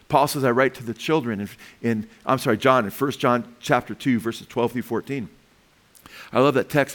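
A male pastor delivering a sermon in a mid-range voice. He preaches with energy and humor, now and then asking the congregation for an "Amen?". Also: medium pitch.

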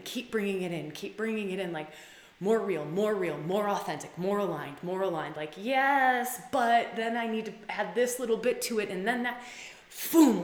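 A woman hosts a casual live stream and talks straight to viewers, gushing and emphatic. She leans on "like" and swears freely, and her voice jumps up whenever she gets excited. The sound is roomy, with a lot of echo around her. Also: medium pitch. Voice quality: heavy use of "like" and restarts, swears freely. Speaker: livestream host coaching women. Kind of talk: casual live-stream talk, reading out comments.

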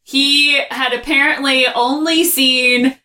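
A woman co-host on a casual podcast with a bright, forceful voice pitched a little high. She giggles often and runs through scene recaps at a quick clip. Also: steady tone.

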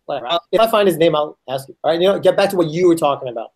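A man's voice: a little high, lively intonation, rapid-fire, a little mellow. A man co-hosting a podcast, chatting loosely with lots of fillers. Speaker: podcast co-host. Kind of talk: casual chat.

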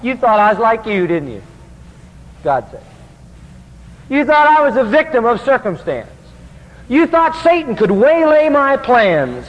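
High-voiced emphatic preacher in a hall. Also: male voice, wildly swooping pitch, unhurried, long pauses. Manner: emphatic, asks the congregation to fill in words. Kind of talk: sermon. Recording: dull lo-fi recording with long hall reverb.

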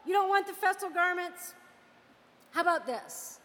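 A woman's voice: extremely high pitch, normal speed, fairly bright tone, big-room sound, voice pushed up. A woman voicing a proud, indignant male army general in a retold scripture story. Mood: amazed. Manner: indignant, ranting.

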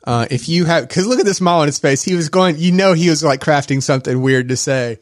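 A man's voice: fairly high pitch, fast talker, dry recording, clean studio sound. Rambling podcast host man. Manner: rambling, filler-heavy, laughs often. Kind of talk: casual chat.

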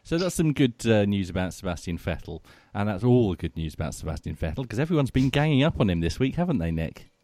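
A man's voice: lowish voice, very animated, fast, few pauses, dark tone, dry recording. A man hosting a casual motorsport chat, dryly steering through the news items. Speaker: host.

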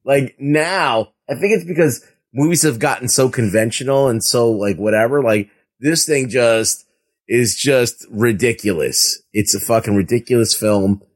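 A man co-hosting a casual movie review podcast, talking in an animated way with lots of fillers and laughter. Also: mid-range voice, a little slow. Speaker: podcast co-host.

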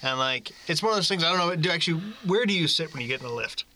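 Bright kinda high guy joking around hosting a podcast, faint hum behind. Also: animated, racing. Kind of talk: casual chat.

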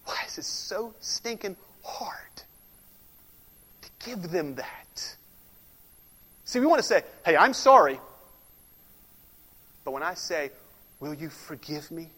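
A male pastor preaching a sermon, swinging from emphatic loud declarations to hushed, almost whispered lines. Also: sits high, big pitch swings, slow pace, pauses often, husky. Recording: long hall reverb.

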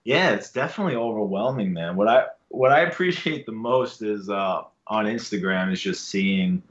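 A man guesting on a podcast as a filmmaker, talking in an easygoing, friendly way with halting restarts. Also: lowish voice, muffled recording. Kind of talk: casual podcast interview.

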